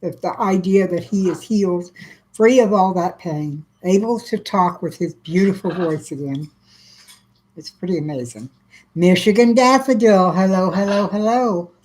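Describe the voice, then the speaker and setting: A middle-aged woman with a slightly low voice hosts a casual livestream from Texas. She talks softly and warmly to her viewers, reading their comments and greeting each of them by name. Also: expressive, a little slow, poor audio. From South Central Texas. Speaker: livestream host.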